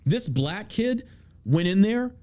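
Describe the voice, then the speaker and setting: A man's voice: high-pitched, sing-song, takes it slowly, warm tone. Ranting, profane man host. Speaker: podcast host. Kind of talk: casual podcast chat.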